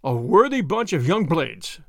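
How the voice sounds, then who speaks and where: Reading from a storybook, a man voices a bold masked highwayman who lectures with lofty scorn. His voice sits high with big swings in pitch, delivered at a moderate pace. The recording is dry and close, and the mood is scornful.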